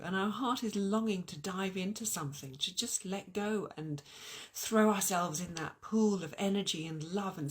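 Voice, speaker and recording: A woman giving an earnest, encouraging spiritual talk at an online event. Her voice is going hoarse, and she is animated and often restarts her sentences. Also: medium pitch. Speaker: spiritual teacher.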